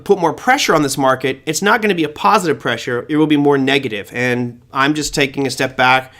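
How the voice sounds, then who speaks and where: A man's voice: medium pitch, a little fast, a bit bright. A man hosting a trading show, walking through charts in casual, emphatic live market commentary with exclamations and asides.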